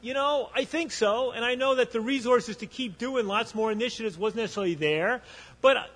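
A man's voice: extremely high pitch, brisk, a bit bright, in a large hall. A man speaking on a panel at a conference, telling a story with animation and often restarting his sentences. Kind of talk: conference talk.

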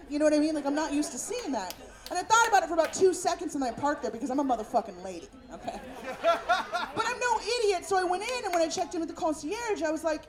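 A woman's voice: high-pitched, animated, fast. A woman from San Francisco doing a brash, profane stand-up set as a storytelling comedian. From San Francisco, USA. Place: comedy club stage. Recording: live club with audience.

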